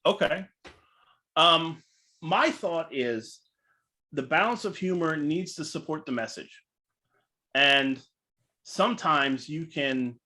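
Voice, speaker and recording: A man in casual storytelling mode, with a higher-pitched voice. He leans on "like" as a filler and jumps into other people's voices as he tells the story. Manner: animated, acts out voices, filler "like". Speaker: featured speaker.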